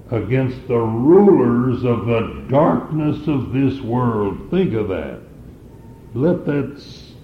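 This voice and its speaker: A man preaching a sermon, teaching scripture in a slow, deliberate way. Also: mid-range voice, reverberant, muffled recording, a little hiss or hum.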